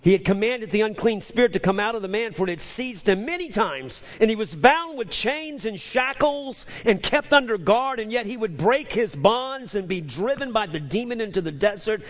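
A man preaches a sermon in a high voice, stumbling over restarts and hammering phrases through repetition. His voice rings with the long reverb of a large hall. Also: fairly bright tone. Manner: stammering restarts, emphatic repetition. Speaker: pastor.

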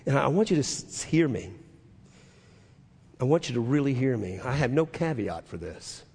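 Preacher in a reverberant sanctuary. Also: male voice, mid-range voice, expressive, moderate pace, gravelly, husky. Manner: swings from hushed asides to loud emphatic preaching. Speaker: pastor. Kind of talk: sermon. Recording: long hall reverb.

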